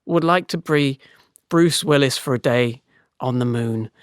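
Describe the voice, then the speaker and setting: A man voicing a hyper, moon-obsessed grown man who keeps insisting he is fine, excitable and defensive. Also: medium pitch, measured pace, clean tone, dry recording, studio quality, natural voice.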